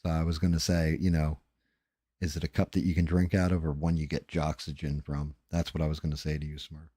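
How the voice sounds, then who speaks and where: A man's voice: extremely low pitch, flat delivery, brisk, dark tone, breathy edge, no room sound, studio quality. A tired man hosting a livestream, chatting casually and profanely in a rambling, mumbling way while he paints. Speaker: livestream host.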